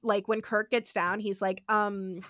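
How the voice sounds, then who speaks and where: A woman's voice: on the high side, measured pace, dry recording. A young woman co-hosting a podcast, recapping an episode in a chatty way, full of "like" fillers. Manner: animated, full of "like" fillers, jumps into voices. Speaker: podcast co-host.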